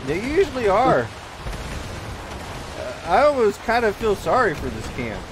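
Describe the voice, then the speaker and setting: A man chatting casually with friends while playing a game, excitable, stammering and making sound effects. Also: sits high, moderate pace, noisy background. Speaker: gaming youtuber. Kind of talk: casual gaming chat with friends.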